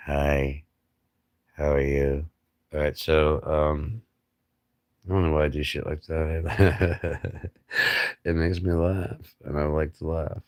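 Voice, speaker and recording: A man with an extremely deep voice muses slowly through a rambling livestream monologue. He is blunt and profane, firing off rhetorical questions and mocking asides, and the sound is dry and close. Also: darkish tone, no echo. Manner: blunt, profane, musing philosophically. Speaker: livestream host.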